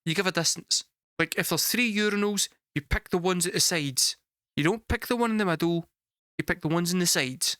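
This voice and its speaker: A young Scottish man telling a story casually to a live chat, animated and swearing freely, laughing through the punchlines. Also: high-pitched, a little fast, no room sound, clean studio sound. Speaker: music reaction streamer.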